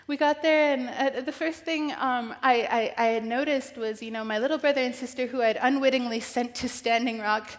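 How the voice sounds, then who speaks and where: A woman from northern New Mexico giving a heartfelt keynote talk, halting with fillers and restarts, close to tears. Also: a little high, steady tone. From northern New Mexico, US Southwest. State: emotional. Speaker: activist and keynote speaker. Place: large event hall. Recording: long reverb of a large hall.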